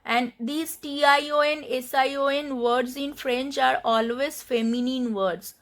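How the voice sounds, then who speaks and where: Casting: female language tutor, high pitch, slow, patient delivery that spells words letter by letter. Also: steady tone, a bit bright. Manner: spells out letters and repeats words while explaining. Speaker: French teacher. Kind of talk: slow explanatory lesson.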